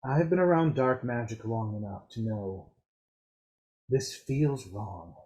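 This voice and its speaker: Man voicing a grave, quiet wary woman. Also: slow pace, close to an everyday voice, low-quality recording. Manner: quiet, low and grim. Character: wary, grave married woman, tavern regular.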